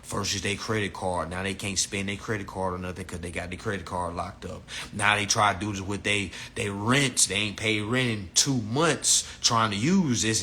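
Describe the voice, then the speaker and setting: Man, live stream teacher, bright forceful voice, blunt and profane. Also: slight background noise. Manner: profane, blunt, lecturing, animated swings in pitch. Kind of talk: casual live stream lecture.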